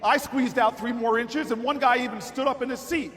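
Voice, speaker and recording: A man giving a rousing political speech at a party convention, telling a story and building to shouted, repeated calls. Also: extremely high pitch, brisk. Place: large convention hall with audience. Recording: echoey hall with crowd noise.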